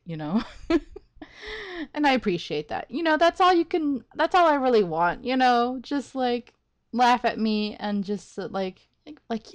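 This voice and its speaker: A woman hosting a game playthrough, talking excitedly and rambling as she thinks aloud, laughing often. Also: mid-range voice, measured pace. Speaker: let's play host. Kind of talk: gaming commentary.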